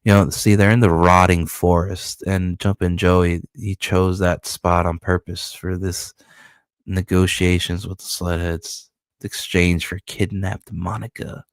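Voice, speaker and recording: A man, a comic book creator, walking through his comic in profane, animated storytelling. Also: low-pitched, unhurried, no echo, studio quality. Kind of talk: casual comic-book walkthrough.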